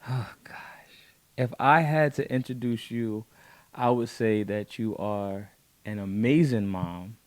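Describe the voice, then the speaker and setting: A man hosting a faith podcast, talking in an effusive, excited way with his wife as guest. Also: fairly low pitch, slow pace, dry recording. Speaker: podcast host.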